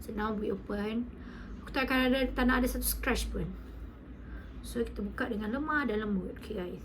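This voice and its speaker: A woman with a Malaysian accent in a casual unboxing vlog, gushing and excitable as she mixes Malay and English. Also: on the high side, fast, noisy background. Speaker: vlogger.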